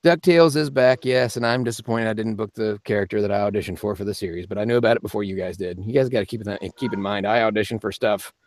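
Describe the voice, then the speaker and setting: A man's voice: on the low side, fast, hardly any pauses, darkish tone, dry recording, studio quality. A man hosting a live-stream Q&A as a voice actor, chatting casually and rambling with frequent laughs. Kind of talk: casual live-stream chat answering viewer comments.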